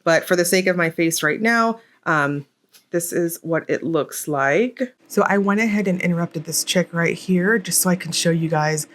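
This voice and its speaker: A nail polish reviewer chats casually through a product unboxing, rambling with fillers, joking around and laughing at herself. Her voice is fairly low, a bit bright, and moves at a normal speed.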